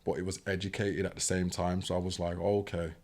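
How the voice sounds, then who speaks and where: Deep-voiced British man telling a story. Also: a little fast. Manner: animated, acts out quoted voices; fills talk with "do you know what I mean". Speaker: podcast guest. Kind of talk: casual storytelling.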